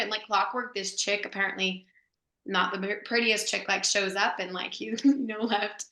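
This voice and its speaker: A woman's voice: medium pitch, steady tone, normal speed, pushed and bright, roomy sound. A woman actress telling a story as a guest, chatty and full of "like" fillers, laughing as she goes. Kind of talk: animated anecdote storytelling.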